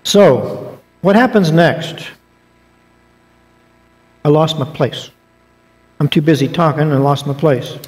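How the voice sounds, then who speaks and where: In a church auditorium with long reverb, a man teaches a Bible class, reading scripture aloud and tossing in joking asides in a conversational way. His voice is a little high and a little mellow, and he speaks slowly with frequent pauses.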